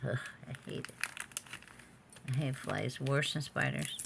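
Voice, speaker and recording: A woman's voice: rumbling low, measured pace, vocal fry, background noise. A woman selling jewelry in a casual vlog from a room at home, chatty and muttering to herself with frequent exclamations. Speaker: online jewelry seller. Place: home room with door open.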